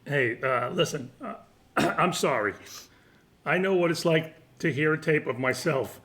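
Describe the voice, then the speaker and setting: An actor reading the part of a clueless, defensive husband in a sitcom table read, stammering and wisecracking over a video call. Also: male voice, fairly high pitch, unhurried, a bit bright. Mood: sheepish.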